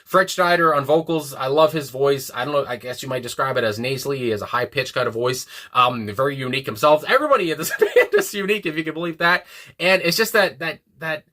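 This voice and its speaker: A man's voice: a little high, fast talker, bright, forceful tone. A man casually reviewing a song, rambling and enthusiastic, with many fillers and restarts. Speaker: music reviewer.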